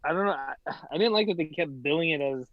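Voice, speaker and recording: A man's voice: fairly high pitch, quick pace, no room sound. A man co-hosting a casual podcast, easygoing, laughing often and leaning on fillers. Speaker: podcast co-host. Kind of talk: casual chat. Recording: dull, lo-fi mic.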